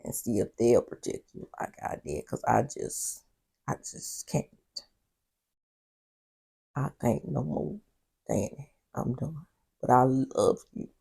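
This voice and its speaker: A woman voicing a hurt, weary man who pleads quietly with his partner, in a soft, breathy voice. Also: very deep voice, slow pace, long pauses, pitched below the performer's own voice, full character voice. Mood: pleading.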